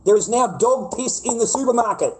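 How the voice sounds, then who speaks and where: Australian livestreamer, middle-aged man, high-pitched voice, heated profane rant. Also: animated, brisk, low-quality recording.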